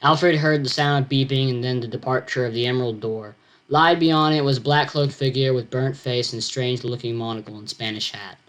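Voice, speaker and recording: Reading his science fiction story aloud, a teenage boy stops often to explain and remark on what he wrote, breaking off his own sentences in a halting way. His medium-pitched voice is a bit bright.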